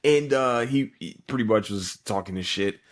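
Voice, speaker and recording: Tired podcast guy, kinda low voice, rambling and cussing through an anime recap. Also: moderate pace. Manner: rambling and profane, many fillers. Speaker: podcast host. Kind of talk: casual anime episode recap.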